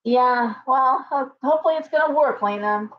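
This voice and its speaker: A woman's voice: high-pitched, moderate pace. A middle-aged woman hosting a casual live stream, chatty and rambling, poking fun at herself. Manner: chatty, rambling, self-deprecating. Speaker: livestream host. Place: home shop with pets. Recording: dull lo-fi stream audio with faint noise.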